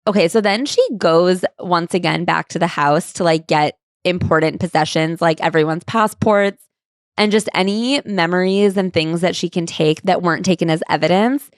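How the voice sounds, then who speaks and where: A woman's voice: fairly low pitch, moderate pace, no room sound, clean studio sound. A woman co-hosting a podcast, chatting casually about a memoir and reading passages from it aloud. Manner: casual, swears, reads book passages aloud. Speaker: podcast co-host. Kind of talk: casual chat recapping a memoir.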